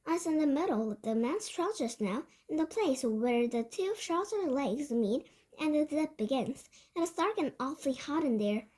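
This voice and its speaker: At a normal speed, a woman reads a first-person children's novel aloud in a high, light voice. She gives it a lively, storyteller's lilt, sometimes tripping over a phrase and restarting it.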